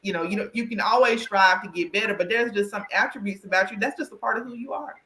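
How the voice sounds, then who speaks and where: A woman with a Southern US country twang, hosting a podcast conversation in an animated, emphatic way that often checks in with "right?". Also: medium pitch, quick pace, reverberant. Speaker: podcast host and career coach.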